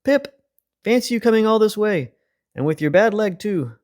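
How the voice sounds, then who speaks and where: A man's voice: sits high, expressive, normal speed, a little mellow, voice pushed up. A man doing a fussing old lady vole. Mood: delighted. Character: elderly female vole, warm and fussing.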